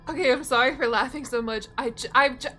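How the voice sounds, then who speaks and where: A woman's voice: high voice, fast talker, sharp tone, soft background music. A young woman streamer chatting casually while she plays, giggly and self-deprecating. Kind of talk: casual gameplay commentary.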